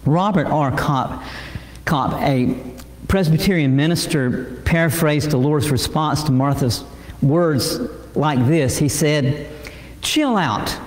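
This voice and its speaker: A male pastor delivering a sermon, halting with many repeated words and fillers. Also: a little high. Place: church sanctuary. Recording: echoey church hall.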